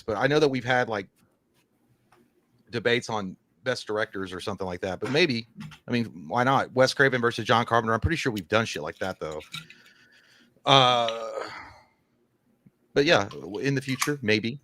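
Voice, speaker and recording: A man's voice: mid-range voice, fairly bright tone. A man co-hosting a live stream, reading viewer messages aloud in a loose, rambling, profane, joking way. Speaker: co-host reading super chats. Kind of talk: casual live-stream chat.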